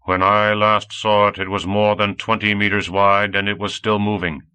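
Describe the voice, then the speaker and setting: A man voicing an old male android robot who speaks in a droning monotone. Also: on the low side, normal speed, clear, resonant tone.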